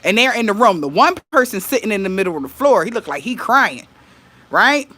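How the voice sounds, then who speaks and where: A woman's voice: medium pitch, very animated, brisk, bright, forceful tone. A woman, telling a dream story to her viewers in casual vlog talk, laughing, swearing and acting out what people said. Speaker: vlogger.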